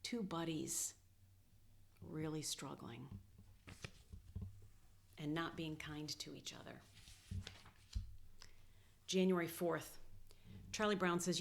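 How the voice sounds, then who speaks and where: A woman's voice: sits low, steady tone, takes it slowly, vocal fry, long pauses, a little hiss or hum. A woman host talking casually, telling a personal story and reading comics aloud in a chatty way.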